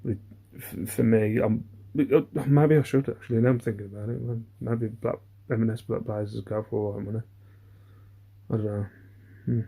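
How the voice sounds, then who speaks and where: A man's voice: lowish voice, fairly even intonation, normal speed, gravelly, dark tone, slightly rough. A man, chatting casually through an eBay reseller's haul video. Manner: chatty, rambling, self-deprecating, many ums.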